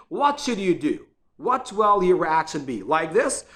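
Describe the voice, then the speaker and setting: High-voiced guy teaching english, earnest and encouraging, repeats words a lot. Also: sing-song, unhurried, pushed and bright, a little hiss or hum. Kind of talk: motivational spoken lesson.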